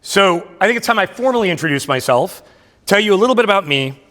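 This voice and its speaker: A man's voice: sits high, lively intonation, fast, bright, forceful tone. A middle-aged man giving a keynote speech in a self-deprecating storytelling way. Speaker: keynote speaker. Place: large hall at a luncheon. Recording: long hall reverb.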